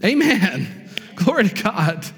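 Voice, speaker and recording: A man's voice: high-pitched, sing-song, takes it slowly, vocal fry, a bit bright, breathy edge. A male pastor preaching a sermon with emphasis, breaking off for "amen" and "come on" asides to the congregation. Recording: long reverb of a hall.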